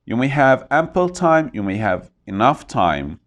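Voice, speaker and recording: A man teaching English vocabulary, saying each word slowly and repeating it to model pronunciation. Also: mid-range voice, big pitch swings. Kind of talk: vocabulary lesson.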